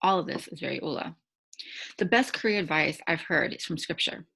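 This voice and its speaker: A woman's voice: low-pitched, animated, fairly quick, vocal fry, pushed and bright, husky, poor audio. A woman hosting a faith-based challenge, giving a devotional teaching talk in a conversational way and often checking in with tag questions.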